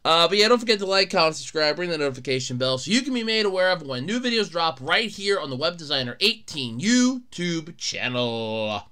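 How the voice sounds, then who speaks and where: A young man hosting a solo podcast, chatting casually, excitable, often laughing and shouting. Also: a little high, a little fast, hardly any pauses, smooth. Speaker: podcast host.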